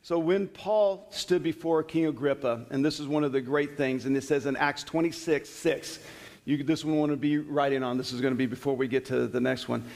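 A man's voice: mid-range voice, fairly even intonation, brisk, gravelly, darkish tone, in a large hall. A man teaching a sermon in a conversational way, reading scripture and acting out the stories he retells. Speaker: preacher.

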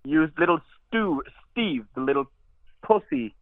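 A man's voice: fairly high pitch, animated, measured pace, no room sound. A man who owns a shop, answering a phone call and angrily swearing back at the caller. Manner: swearing, shouting back insults. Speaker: shop owner taking a call. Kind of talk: angry phone argument. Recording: phone line.

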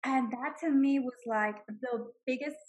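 A woman in her forties sharing an emotional personal testimony, telling it in a heartfelt, animated way. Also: sits high, unhurried, rough recording. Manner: heartfelt, animated storytelling with laughs. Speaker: guest sharing her story.

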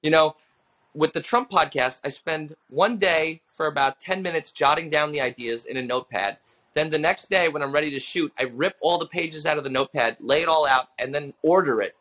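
A man's voice: fairly high pitch, a little fast. A man in his thirties, a comedian telling stories on a casual podcast, acting out the people he quotes. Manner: animated storyteller, acts out quoted people. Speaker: comedian and impressionist guest.

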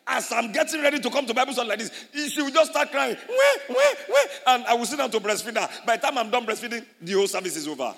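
A man acting out a busy young mother excusing herself from Bible study, raised and animated. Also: very high voice, racing, creaky, hardly any pauses, voice pushed up, full character voice. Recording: echoey hall.

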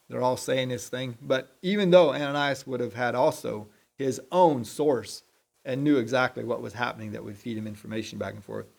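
Man, lay preacher, mid-pitch voice; unscripted, halting sermon delivery, frequent throat clearing.

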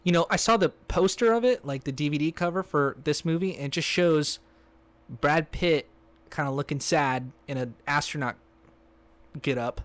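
Joking, rambling higher-voiced man. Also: moderate pace. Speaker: podcast co-host. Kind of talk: casual banter.

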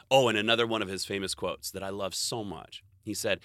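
Bright-voiced swearing man rambling casually. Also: fairly low pitch, expressive, fairly quick, dry recording, studio quality. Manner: profane, rambling, self-interrupting, laughs often. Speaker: vlogger. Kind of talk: casual motivational monologue.

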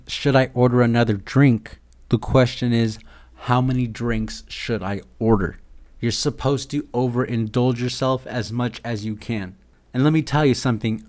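A man's voice: medium pitch, a little mellow. A young man hosting a podcast, telling a rambling, irreverent comic story full of swearing. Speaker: podcast host. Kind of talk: casual comedic monologue.

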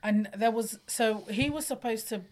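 A woman comedian, chatting casually and telling an animated story, swearing and laughing often. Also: fairly high pitch, normal speed. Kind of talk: casual chat.

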